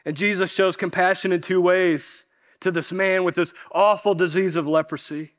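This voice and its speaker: A male pastor preaching a sermon in an earnest way, often dropping softer at the end of a point and repeating phrases for emphasis. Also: high voice, steady tone, normal speed.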